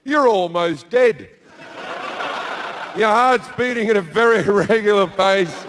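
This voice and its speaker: A man's voice: high voice, takes it slowly, noisy background. A man doing stand-up storytelling in a large theatre, brash and profane, slipping into acted-out voices. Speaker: stand-up comedian. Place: large theatre with a live audience.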